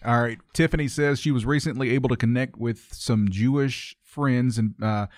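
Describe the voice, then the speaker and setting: A man's voice: medium pitch, fairly even intonation, moderate pace, dry recording. A male radio co-host in a studio, reading listener questions aloud and bantering casually.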